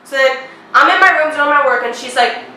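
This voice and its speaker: A woman's voice: high voice, fairly quick, a little hiss or hum. A young woman casually telling funny family stories on her vlog, giggling and acting out her parents' lines. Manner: giggly, animated, acts out family members' lines. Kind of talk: casual storytelling. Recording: echoey room, off-mic, faint music.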